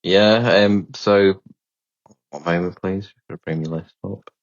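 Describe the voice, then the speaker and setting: A man's voice: deep voice, fairly even intonation, a little slow. A man co-hosting a podcast in casual chat. He jokes in a laid-back way, with hesitant fillers. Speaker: podcast co-host. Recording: slightly dull lo-fi audio.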